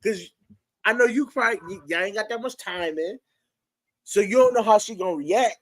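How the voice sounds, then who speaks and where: A man hosting a casual group chat, animated and putting questions to his guests. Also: high voice, fairly quick, no echo. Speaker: podcast host.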